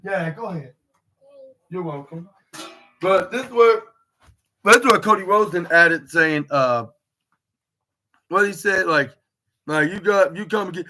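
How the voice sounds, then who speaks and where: Young male podcast host, bright and fairly high voice, rambling casual recap full of fillers. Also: moderate pace. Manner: rambling, heavy on filler words and restarts. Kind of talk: casual solo wrestling recap.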